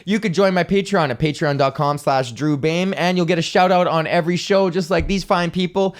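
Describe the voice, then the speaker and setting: Young comedy guy ranting on his podcast, swears a ton, kinda high voice, rambly. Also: a little fast. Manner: profane, rambling, laughs at own jokes. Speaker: podcast host. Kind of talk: casual comedy rant.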